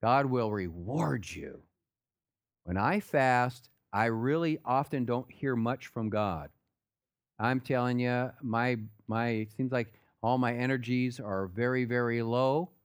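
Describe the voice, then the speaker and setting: A man preaches at a middle pitch in a relaxed, conversational manner. He walks his listeners through scripture passages and sinks to a quiet, low voice when he presses an earnest point. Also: takes it slowly, clean tone. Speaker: pastor. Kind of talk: sermon.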